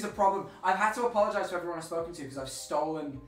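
A man's voice: high voice, fast talker, fairly bright tone, echoey room, faint music behind. A young man with a Birmingham-tinged English accent, chatting and joking on a live stream. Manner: joking, self-mocking. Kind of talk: casual live-stream chat.

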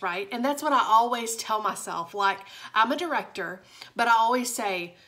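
A woman's voice: medium pitch, a little slow, pushed and bright. A young woman, chatting casually and confidingly to viewers in a motivational vlog from her home office. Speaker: direct sales director.

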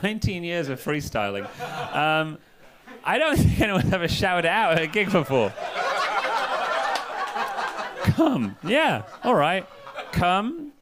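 A man's voice: a little high, heavy background noise. A man doing live comedy freestyle rap at a gig, bantering with the crowd and then rapping in rhythm. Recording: live beat under the voice. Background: live hip-hop beat.

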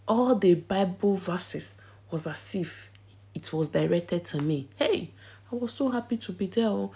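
A young woman with a Nigerian accent chatting excitedly in a vlog from inside a church, often dropping to a whisper. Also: lowish voice, measured pace. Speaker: vlogger. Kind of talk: casual vlog chat.

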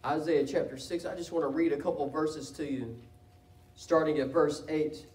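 A high-pitched man preaches with fervor, his voice climbing into loud cries at its peaks. He is picked up from a distance, so the sound is thin and carries the ring of a reverberant church sanctuary. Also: fairly even intonation, normal speed. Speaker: pastor. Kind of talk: sermon. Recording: echoey church room from a distance.

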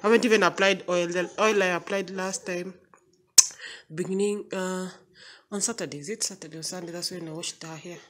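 Bright-voiced Kenyan mom vlogging at home. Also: female voice, fairly low pitch, steady tone, a little fast. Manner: chatty, coaxing a toddler with playful questions. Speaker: mother and vlogger. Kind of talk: casual home vlog. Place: home, indoors.

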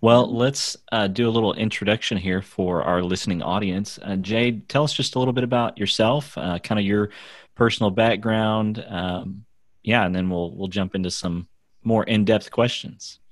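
A man's voice: fairly low pitch, steady tone, moderate pace, no room sound. A man hosting a podcast in casual chat, joking and playful and laughing often. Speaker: podcast host.

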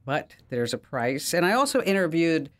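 Woman tech-podcast host; animated and chatty, with a very lively pitch. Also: moderate pace. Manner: animated, laughing storyteller. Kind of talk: casual podcast chat.

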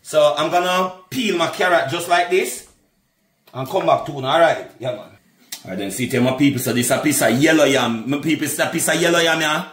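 Cooking and displaying his dishes, a Jamaican-accented man chats easily with his audience, again and again addressing them as "my people." His voice leans high, his pace is moderate, and there's an echo in the room.

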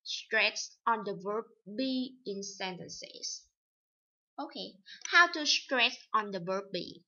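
A woman teaching an English lesson, reading vocabulary items and examples slowly and deliberately. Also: mid-range voice, lively intonation, sharp tone. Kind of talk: recorded vocabulary and pronunciation lesson. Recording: dull lo-fi recording.

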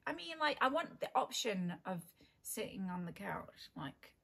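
A woman's voice: mid-range voice, big pitch swings, measured pace, vocal fry, fairly bright tone. An English woman co-hosting a casual chat, blunt and teasing with strong opinions. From England. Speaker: podcast co-host.

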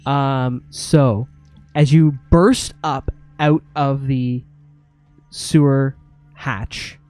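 A man's voice: medium pitch, fairly even intonation, extremely slow, a little mellow, dry recording, faint music behind. A man running a tabletop game as game master, narrating vividly and mimicking sound effects.

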